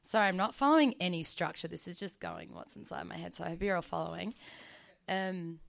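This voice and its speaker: A woman tells a personal story off the cuff. Her voice sits a little low for a woman, and she wanders through her thoughts with plenty of ums, likes and restarts. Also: very animated, a little fast, vocal fry. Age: 20s. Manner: rambling, casual, lots of ums and likes.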